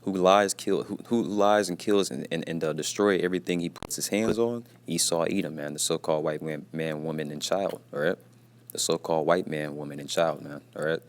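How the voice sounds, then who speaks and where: His voice rumbles low and moves briskly as he leads a casual scripture lesson from his job. He keeps repeating points, ends lines with "you see" or "man," and drops his volume now and then out of awareness of his workplace.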